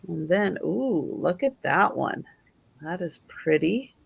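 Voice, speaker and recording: A woman hosting a live online sale, showing items slowly and admiringly and counting down the bidding. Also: on the low side, sing-song, creaky, breathy edge, dull audio. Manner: slow, admiring, auctioneer-style counting.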